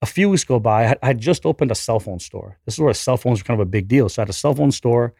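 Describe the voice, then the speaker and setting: Man, 40s, fast-paced animated storyteller, dry close sound, casual and profane. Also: mid-range voice, vocal fry, breathy edge, no echo. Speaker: podcast guest.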